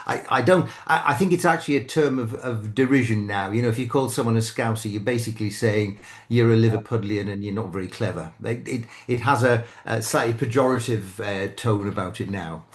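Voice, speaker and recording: Halting older British-accented man. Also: lowish voice. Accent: British English. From England. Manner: halting, frequent restarts and self-corrections. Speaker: guest commentator. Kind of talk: casual chat.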